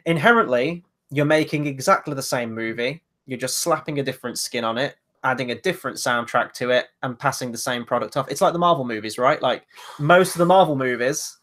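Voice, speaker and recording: A man's voice: medium pitch, brisk, fairly bright tone. A man hosting a casual film review, conversational and wry.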